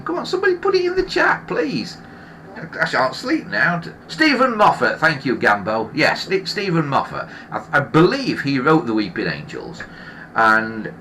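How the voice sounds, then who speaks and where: Bloke hosting a live stream, slow and grumbly, bright voice that swings up and down a lot, keeps restarting himself. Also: male voice, mid-range voice, a little hiss or hum. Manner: opinionated, grumbling rant; rambling with frequent restarts. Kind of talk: casual live-stream chat.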